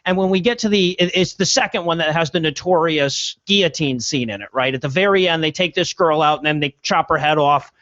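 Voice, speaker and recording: A man with a fairly high voice chats loosely on a podcast, often restarting his sentences and chuckling between thoughts. The recording is dry and a little dull in tone. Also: a little fast, few pauses, fairly bright tone, no echo. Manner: talkative, with frequent restarts and laughter. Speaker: podcast co-host. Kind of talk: casual podcast discussion.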